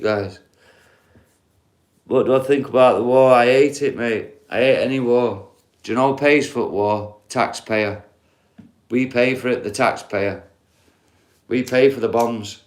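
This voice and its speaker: A middle-aged man, talking bluntly and swearing as he rambles through a casual live stream chat. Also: medium pitch. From England. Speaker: livestreamer.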